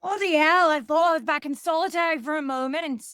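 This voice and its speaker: Give me a woman playing a brash washed-up actress with a Welsh accent, high and bright, dry sound. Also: fairly quick, no echo. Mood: flustered. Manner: brash, swearing, denies her accent. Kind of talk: table read of a screenplay.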